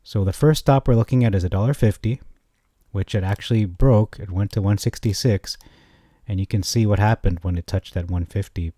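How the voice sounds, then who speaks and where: A man giving a casual, rambling stock chart analysis, often correcting himself and getting excited. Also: on the low side, brisk, dry recording, studio quality. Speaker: stock market commentator.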